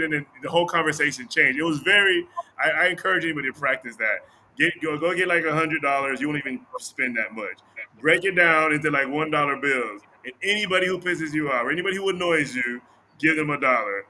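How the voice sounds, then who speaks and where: A man hosting a podcast, telling a story in an animated way with laughs and restarts. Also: a little high, fast, slight background noise, rough recording. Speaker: podcast host. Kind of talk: casual conversation.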